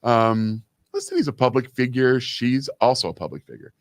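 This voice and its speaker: A man in his fifties co-hosts a casual, radio-style talk show, telling stories sprinkled with plenty of "you know" fillers. His medium-pitched voice is animated and moves at a normal speed, with no room sound.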